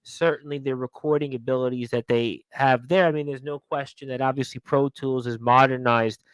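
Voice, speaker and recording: A man's voice: medium pitch, steady tone, normal speed, smooth, no room sound, rough recording. A man hosting a radio interview, asking questions in long run-on remarks. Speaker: radio show host.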